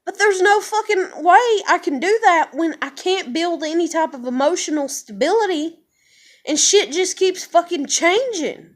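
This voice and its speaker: A woman's voice: very high-pitched, expressive, moderate pace. A woman vlogger venting to the camera in a casual, frustrated rant that is full of swearing. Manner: frustrated, heavily profane ranting.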